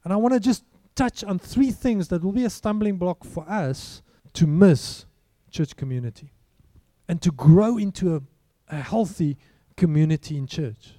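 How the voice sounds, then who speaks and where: A man's voice: sits high, expressive, normal speed, dark tone, no room sound. A man preaching a sermon in a conversational way, full of rhetorical questions. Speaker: pastor.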